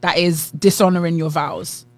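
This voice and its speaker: A woman with a London accent co-hosting a podcast, talking candidly and teasing as she thinks out loud. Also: fairly low pitch, fairly even intonation, moderate pace, no echo. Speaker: podcast co-host. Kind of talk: casual chat.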